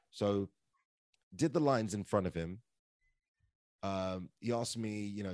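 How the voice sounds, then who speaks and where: Man, animated anecdotes, lowish pitch, dry close sound. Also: fairly quick, no room sound. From London, England. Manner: chatty, animated, filler-heavy with "like" and "right?". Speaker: podcast guest, actor and comedian. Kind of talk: casual storytelling.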